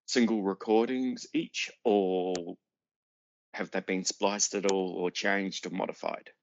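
A man's voice: low-pitched, steady tone, takes it slowly, muffled recording, slight background noise. A man playing a tabletop game over an online call, matter-of-fact and methodical. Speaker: player.

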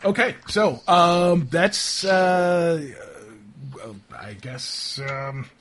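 A man running a tabletop role-playing game as game master, narrating in a halting way while he searches for words. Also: high voice, expressive, fairly bright tone.

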